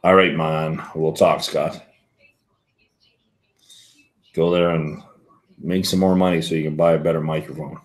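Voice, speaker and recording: A man's voice: very deep voice, level tone, normal speed. A man hosting a whisky livestream, rambling casually and answering viewer comments as he reads them. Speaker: whisky show host.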